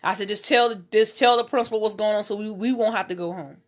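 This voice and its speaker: A woman's voice: mid-range voice, fast talker. A woman, telling her own life story to her viewers in an intense, repetitive way, swearing as she talks from her bed at home. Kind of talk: emotional personal storytelling.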